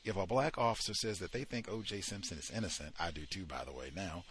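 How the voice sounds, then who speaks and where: A man's voice: low-pitched, fast talker, fairly bright tone. A man hosting a study session, reading passages aloud from a book and breaking off into heated commentary, with frequent fillers while he searches the text.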